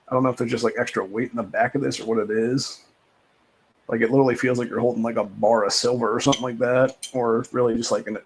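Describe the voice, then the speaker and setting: A man's voice: medium pitch, vocal fry, background noise. A man hosting a livestream, talking in a rambling, profane, casual rant with lots of repeated filler phrases. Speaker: livestream host.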